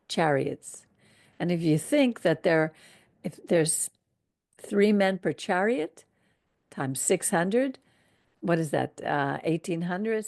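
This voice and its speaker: Woman Torah teacher, lowish and gravelly, very slow and deliberate, reading scripture with reflective asides. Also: a little mellow.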